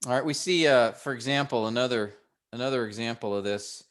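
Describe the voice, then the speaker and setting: A man at middle pitch teaches pastors in a relaxed classroom manner. He works through each point slowly, often restarting a phrase before he goes on. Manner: unhurried, explains step by step with restarts.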